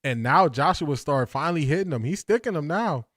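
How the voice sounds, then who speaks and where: A man's voice: fairly high pitch, animated, a little fast, fairly bright tone, dry recording, studio quality. A man reacting live to a boxing match at a watch party, exasperated, laughing, and repeating himself. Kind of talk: live fight reaction commentary.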